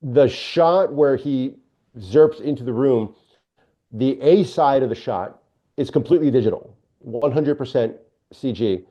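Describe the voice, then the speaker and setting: A man working as a film director, telling behind-the-scenes stories in a relaxed interview, with frequent hesitations. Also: mid-range voice, measured pace. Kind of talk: casual interview chat. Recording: dull lo-fi sound.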